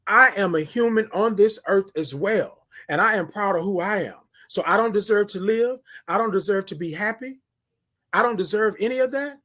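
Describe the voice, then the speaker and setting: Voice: medium pitch, normal speed, a bit bright. A livestream morning show host giving an emphatic motivational talk, repeating key phrases and greeting viewers by name. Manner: talks straight to viewers and greets them by name.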